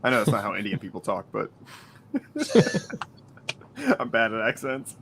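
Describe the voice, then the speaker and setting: Rambling man with a lower voice. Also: wildly swooping pitch, takes it slowly, very noisy. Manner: rambling, heavy use of "like", laughs often. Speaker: podcast co-host. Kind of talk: casual chat.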